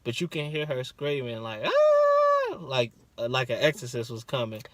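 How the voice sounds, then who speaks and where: A man's voice: mid-range voice, a little fast, fairly bright tone, dry recording. Laid-back young man chatting casually. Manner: laid-back, slangy, a bit hesitant. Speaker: co-host, her partner. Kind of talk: casual storytelling chat.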